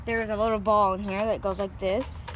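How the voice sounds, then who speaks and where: A woman's voice: mid-range voice, level tone, brisk, a little hiss or hum. A young woman chatting casually in a backyard vlog about her guinea pigs, talking informally with lots of fillers and a sweet voice for the animals, filmed on a handheld phone. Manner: chatty and informal, many fillers, sweet baby talk to pets. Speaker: vlogger showing her pet guinea pigs. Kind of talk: casual outdoor vlog narration. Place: outdoors in a backyard.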